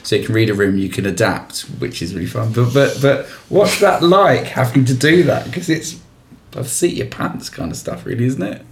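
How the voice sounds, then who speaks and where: A man's voice: medium pitch, normal speed, vocal fry. A man interviewing a band, asking questions with chuckles. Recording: roomy with faint noise.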